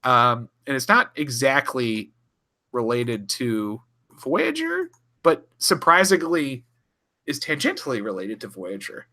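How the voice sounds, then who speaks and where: A man's voice: mid-range voice, very animated, slow, pushed and bright. A man co-hosting a podcast in casual, rambling chat, swearing freely and often restarting. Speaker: podcast co-host.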